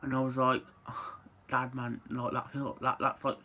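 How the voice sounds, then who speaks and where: Chatty young man, flat delivery. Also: medium pitch, moderate pace, slight background noise, poor audio. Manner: chatty, lots of "like", swears freely. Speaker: vlogger. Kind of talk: casual storytelling to camera.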